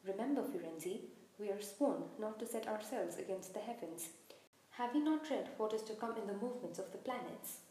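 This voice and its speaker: A woman's voice: mid-range voice, animated, normal speed, dark tone, close to an everyday voice. Woman playing angry proud centaur, storybook, scornful rebukes, echoey room. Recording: very echoey room, faint hiss.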